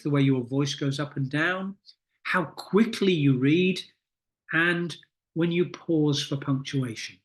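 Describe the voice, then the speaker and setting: A middle-aged man coaching teachers in a recorded lesson, explaining reading techniques in a deliberate, instructive way with many pauses. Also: fairly high pitch. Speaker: teacher trainer.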